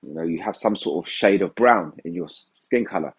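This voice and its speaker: A man's voice: low voice, fairly quick, gravelly, slightly rough. A man giving an informal religious teaching in a conversational way, often saying "you know". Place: England.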